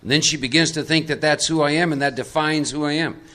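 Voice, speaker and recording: A man leads a live workshop in a meeting room. His voice is bright and forward. He talks conversationally and coaxes audience volunteers into acting out roles. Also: a little high, fairly even intonation, fast. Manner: conversational, coaxing volunteers into role-play. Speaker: recovery workshop speaker.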